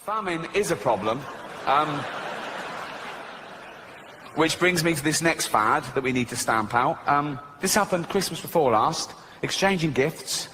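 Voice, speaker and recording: A man doing stand-up comedy on stage and hosting an awards show, with a dry, mocking, deadpan delivery. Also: a little high, measured pace. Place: large theatre on stage. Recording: live hall reverb, faint audience noise.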